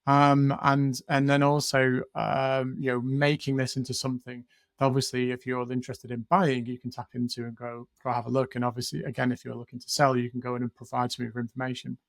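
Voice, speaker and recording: A man's voice: medium pitch, monotone, brisk, no room sound. Man, co-host, casual chat, hesitant, filler-heavy, dry close sound. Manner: hesitant, many ums and restarts. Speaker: podcast co-host.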